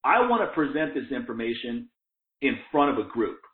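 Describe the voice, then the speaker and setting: A man's voice: mid-range voice, very animated, normal speed. A man talking in a casual, profane, fired-up way, swearing often and laughing as he talks. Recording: tinny phone-like echoey sound.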